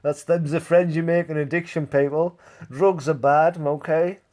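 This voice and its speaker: A man's voice: a little high, fairly even intonation, moderate pace, a little mellow. A man hosting a live stream, telling rambling stories to his chat, laughing often and swearing freely. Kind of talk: casual storytelling to live chat.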